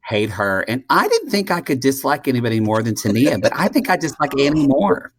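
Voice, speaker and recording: A man's voice: mid-range voice, sing-song, a little fast, a little hiss or hum. Profane, dramatic male podcast co-host. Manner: blunt and profane, dramatic outbursts. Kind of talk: casual podcast chat.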